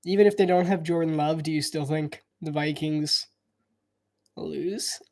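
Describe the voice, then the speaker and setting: Calling football as it happens, a male commentator speaks a little slowly in a slightly high voice with fairly even intonation. His casual, conversational play-by-play is full of hedges, thinking aloud, and repeated restarts.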